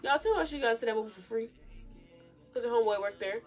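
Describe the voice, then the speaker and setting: A young woman, chatting casually as a vlogger telling a storytime, animated and sassy, swinging between loud outbursts and low mumbles. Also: fast talker, soft background music.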